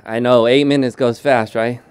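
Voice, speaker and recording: A man preaching a sermon as pastor, slow and deliberate, often restarting his sentences. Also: medium pitch, fairly even intonation, darkish tone, clear, resonant tone, no room sound.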